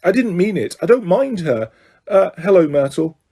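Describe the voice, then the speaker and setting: A man's voice: high voice, big pitch swings, moderate pace, vocal fry, dark tone, husky, heavily acted. A man doing an earnest know-it-all schoolgirl. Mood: anxious. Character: clever anxious schoolgirl witch.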